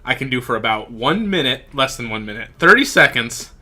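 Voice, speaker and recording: Bright-voiced joking young man. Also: mid-range voice, big pitch swings, brisk. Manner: jokey, loud, laughing, tries silly accents. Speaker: podcast co-host. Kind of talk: casual podcast banter.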